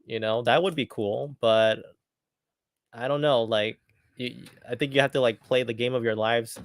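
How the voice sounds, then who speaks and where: This man hosts a live football watchalong at a moderate pace, his medium-pitched voice fairly even in intonation. He's eager in his reactions, casual in tone, and prone to repeating phrases. There's no echo.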